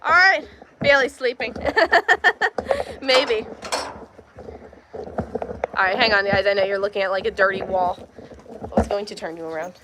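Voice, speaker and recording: A woman with a medium-pitched, animated voice speaks at a measured pace with long pauses, over background noise. She's hosting a casual livestream while doing farm chores, chatting with viewers, talking to her animals and laughing often. It's recorded on a handheld phone in a farmyard and barn.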